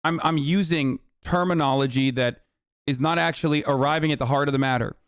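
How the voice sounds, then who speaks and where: A male streamer rants at his audience in a high voice, swearing freely and punctuating points with "okay?". His tirades climb into yelling. The sound is dry and close, with no room around it. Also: brisk, clean tone, dry recording. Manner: profane, repetitive "okay?" tags. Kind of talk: ranting reaction stream.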